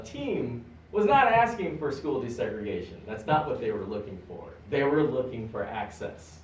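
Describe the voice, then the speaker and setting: A man giving a public lecture at a library, animated and joking with the audience. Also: on the high side, slight background noise. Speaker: guest lecturer. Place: public library meeting room. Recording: echoey room, recorded from a distance.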